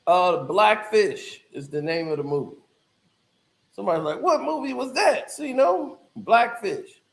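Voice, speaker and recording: A man's voice: sits high, lively intonation, a little slow, gravelly, echoey room. A man talking casually and boastfully, laughing at his own claims. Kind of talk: casual bragging talk.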